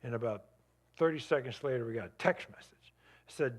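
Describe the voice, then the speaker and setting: A man of medium pitch speaks briskly as a guest at a church, telling a dramatic story about himself. Animated, vivid passages give way suddenly to a hush.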